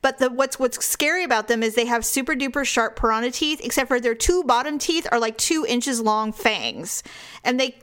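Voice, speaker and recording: A woman's voice: fairly high pitch, expressive, moderate pace, fairly bright tone, clear, resonant tone. A woman co-hosting a casual chat, telling long rambling stories with many fillers and restarts.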